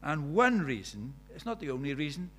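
Preacher, conversational, slightly high voice. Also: male voice, very animated, moderate pace, a bit bright. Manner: conversational, with rhetorical questions. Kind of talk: sermon.

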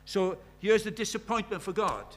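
Male preacher, high voice, chatty sermon with questions to the pews, scripture read with rising force. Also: animated, moderate pace. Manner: conversational, asks the congregation many questions.

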